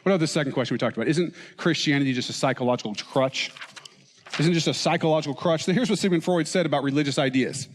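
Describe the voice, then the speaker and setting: A man's voice: fairly high pitch, fast, long reverb tail, slight background noise. A man preaching a sermon, asking rhetorical questions and reading quotations aloud with rising emphasis. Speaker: pastor. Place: church auditorium.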